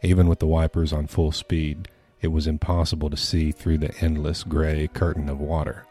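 A man narrating a scary story for a podcast in a steady, measured reading. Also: extremely low pitch, soft background music. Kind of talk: scripted horror story narration.

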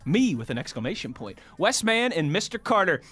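A man hosting a sports talk show with a bright, forceful voice sitting a bit high. He moves briskly through breaks, plugs and listener questions. The delivery is upbeat and easy. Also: sing-song. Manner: smooth and upbeat, reads plugs and segment cues.

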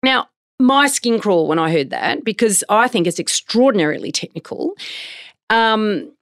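A middle-aged woman who hosts an interview podcast and asks long, chatty, animated questions. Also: mid-range voice, normal speed, no room sound, clean studio sound. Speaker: podcast host.

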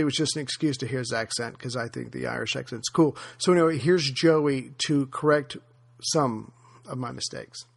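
A man hosting a history podcast, telling anecdotes in a relaxed, conversational way, with frequent fillers. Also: medium pitch, vocal fry. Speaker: podcast host. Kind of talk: casual history podcast narration.

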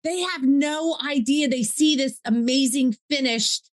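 A woman's voice: high voice, unhurried, no echo, clean studio sound. A woman hosting a podcast interview, enthusiastic and emphatic, encouraging her guest. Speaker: podcast host. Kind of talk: upbeat interview chat.

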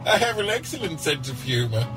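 An actor playing a pompous aristocratic lord with no sense of humor, haughty and prone to giggling, in a comedic audio drama. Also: male voice, on the high side, big pitch swings, brisk, over music. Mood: giggly. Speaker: lead character.

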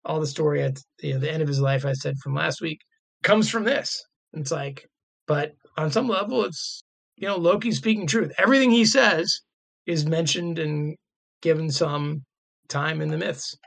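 A man in casual podcast talk, retelling old myths and reading passages aloud, excited, with lots of "like" and "right". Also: fairly high pitch, normal speed, gravelly. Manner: excited, laughing, many fillers like "like" and "right".

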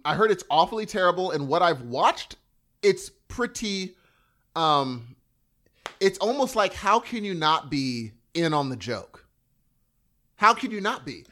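A man co-hosting a podcast, talking casually and enthusiastically with frequent restarts. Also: high-pitched. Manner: animated, enthusiastic, quick bursts and restarts. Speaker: podcast co-host. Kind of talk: casual chat.

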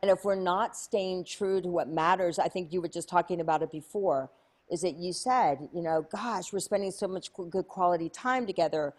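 A woman telling a story as an interview guest, lively and chatty, acting out other people's voices with many fillers. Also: fairly low pitch, moderate pace. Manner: animated, acts out quoted voices, many fillers. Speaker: interview guest, speaker and coach.

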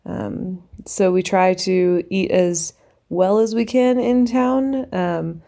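Mellow woman hiker, relaxed and halting. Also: mid-range voice. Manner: relaxed, many ums and pauses. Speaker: hiker giving a trail update. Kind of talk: casual spoken update.

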